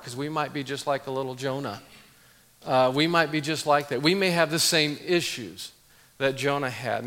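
A man's voice: mid-range voice, a bit bright. A middle-aged man, a pastor, preaching a conversational sermon, telling a story with chuckles before reading scripture.

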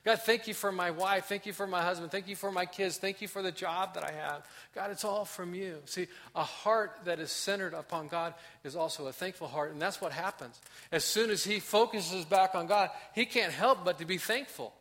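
High, bright-voiced preaching man. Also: moderate pace. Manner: impassioned preaching, acts out prayers, drops to soft emphasis. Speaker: pastor. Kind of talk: sermon.

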